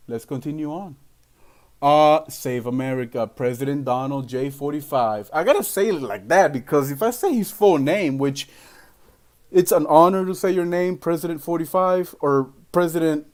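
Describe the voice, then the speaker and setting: Male livestream host, slightly high pitch, emphatic rambling political rant. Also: normal speed, a little mellow. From Venezuela. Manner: emphatic, rambling, heavy on fillers. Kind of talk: ranting livestream commentary.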